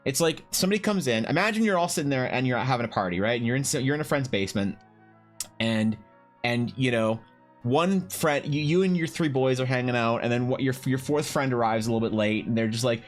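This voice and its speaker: A man's voice: medium pitch, quick pace, soft background music. A man streaming and chatting casually, rambling and swearing with lots of restarts. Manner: rambling and profane, many restarts. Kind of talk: casual chat while drawing on stream.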